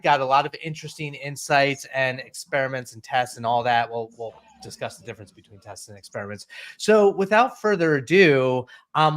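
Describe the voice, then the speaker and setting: A man's voice: medium pitch, smooth. Upbeat man hosting a live webinar. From Central New Jersey, USA. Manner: energetic, playful, frequent restarts. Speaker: webinar host.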